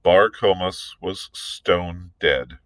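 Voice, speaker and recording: Man, librarian, reading a novel aloud, low voice, measured and deliberate, small restarts, dry close sound. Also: a bit bright, no room sound, rough recording.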